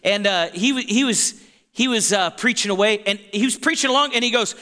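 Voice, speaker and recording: A man's voice: high-pitched, animated, brisk, bright, forceful tone, long reverb tail. A man preaching a sermon as pastor, talking in a conversational way that stops and restarts often, with asides to the congregation. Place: church sanctuary.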